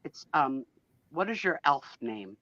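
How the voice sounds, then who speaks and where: A woman's voice: very deep voice, no room sound, lo-fi sound. A woman from New Jersey with a New Jersey accent, chatting animatedly and giggling on a live stream. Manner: animated, giggly, quick to exaggerate. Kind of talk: casual live-stream chat.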